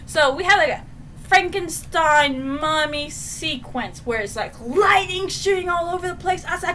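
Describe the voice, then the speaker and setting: A woman recapping a book in a casual review, excitable and prone to shouting out the big moments. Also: high voice, normal speed, slight background noise. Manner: excitable, retells scenes with shouts and sound effects.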